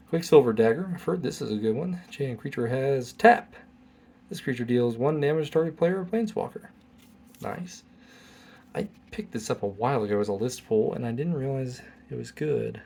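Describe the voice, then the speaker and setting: A man's voice: mid-range voice, darkish tone. Man reading cards aloud with wry asides. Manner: reads card text aloud with wry asides. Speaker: channel host. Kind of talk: casual card-opening commentary.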